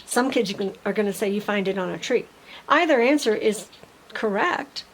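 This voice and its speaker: A middle-aged woman speech teacher giving parents a patient step-by-step tutorial, modeling simple sentences slowly. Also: medium pitch, lively intonation, slight background noise, rough recording.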